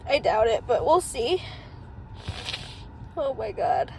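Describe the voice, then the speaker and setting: A woman's voice: on the high side, sing-song, takes it slowly, mellow, a little hiss or hum, low-quality recording. A young woman vlogging from a parked car, crying and laughing through her tears as she talks. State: tearful, crying. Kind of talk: emotional personal vlog.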